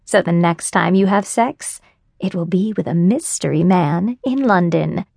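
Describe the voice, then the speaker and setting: Casting: female narrator doing a bold, teasing best friend, unhurried, dry studio sound. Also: lowish voice, creaky, a little mellow, dry recording. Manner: teasing, forward. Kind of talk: audiobook character voice.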